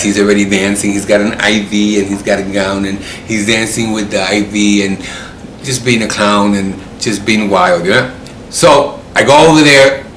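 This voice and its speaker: Man, personal storytelling, rambling, repeats himself, lowish voice, echoey room, faint ambience. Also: a bit bright, a little hiss or hum.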